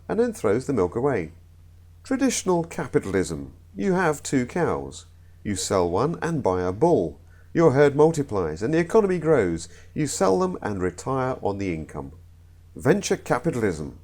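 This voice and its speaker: A man's voice: mid-range voice, darkish tone. A man playfully reading a list of jokes in a self-mocking way. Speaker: comedy narrator. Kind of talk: jokey scripted narration.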